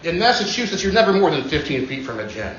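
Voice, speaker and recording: A man's voice: fairly high pitch, sing-song, fast talker, a bit bright, a little hiss or hum. Man rambling through a dry stand-up set. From Western Kansas. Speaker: stand-up comedian. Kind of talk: open-mic stand-up set. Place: small cafe at an open mic. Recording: echoey dull lo-fi room recording.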